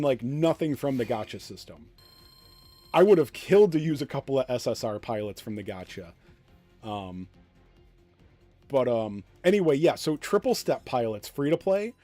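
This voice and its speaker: A man's voice: mid-range voice, mellow. A man streaming a mobile game, talking bluntly in casual commentary, rambling with fillers and self-deprecating jokes. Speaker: gaming streamer.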